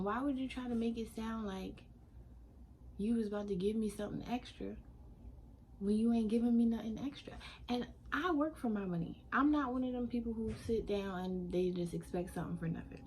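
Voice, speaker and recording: A woman telling a casual storytime vlog, animated and sassy, laughing often. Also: on the high side, normal speed, slight background noise. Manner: animated, sassy, laughing often, African American Vernacular English slang.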